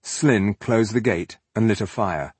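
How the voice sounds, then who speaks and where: A man narrating an audiobook in an expressive storytelling manner. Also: fairly low pitch, measured pace, breathy edge, dry recording. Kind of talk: scripted narration.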